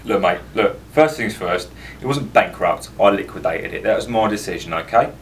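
An actor doing a brash cockney wheeler-dealer. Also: male voice, on the low side, lively intonation, moderate pace, a little hiss or hum, lightly acted. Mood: cocky. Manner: cocky slangy patter, calls people mate and son. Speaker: mock interviewee. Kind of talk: mockumentary comedy.

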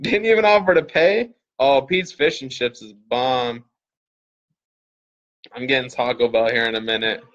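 A man's voice: medium pitch, a little slow, pauses often, a bit bright, dull audio. A man hosting a casual livestream, joking with viewers and swearing freely. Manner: joking, profane, talks straight to viewers. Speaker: livestream host and parent.

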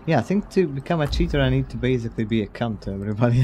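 A man gives casual let's-play commentary at an ordinary mid pitch. He stays loose and wry, teasing the game's characters and cursing offhandedly now and then. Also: quick pace, warm tone, slight background noise. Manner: wry, blunt, swears casually, chuckles at the game. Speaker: game streamer.

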